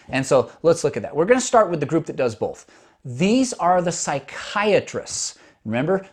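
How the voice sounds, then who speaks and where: A man's voice: a little high, a little mellow. A man hosting a podcast, a doctor explaining things step by step in a conversational monologue with frequent restarts.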